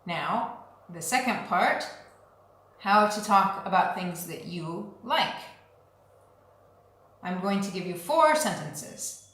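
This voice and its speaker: A woman teaching English at a very slow, deliberate pace, patiently drilling short phrases for learners to repeat. Her voice sits at an ordinary pitch, and the recording has a heavy, boomy room echo. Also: lively intonation, a bit bright. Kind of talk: slow, clear language lesson. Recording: very echoey room.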